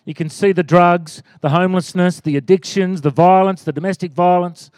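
Pastor in his forties, high voice, dry close sound, lively preaching with calls for amen. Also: moderate pace, dry recording. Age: 40s. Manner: animated, rising to loud exclaims and calls for amen. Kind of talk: sermon.

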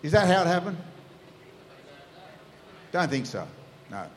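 A preacher with a high-pitched voice delivers a sermon, telling the story in a lively way and acting out its scenes. His voice carries through a long, echoing hall. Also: measured pace, slight background noise. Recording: echoey hall.

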